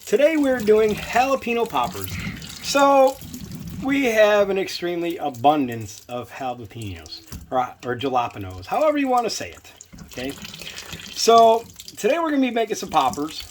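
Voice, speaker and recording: In his home kitchen, a man hosts a casual cooking video, rambling, chatting, and making fun of himself. His high-pitched voice is sing-song at a moderate pace, with a little hiss or hum in the recording.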